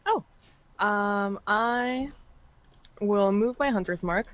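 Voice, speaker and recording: A woman's voice: medium pitch, slow pace, long pauses, dry recording, rough recording. A woman playing a tabletop game, chatting casually in a hesitant, playful way. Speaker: player.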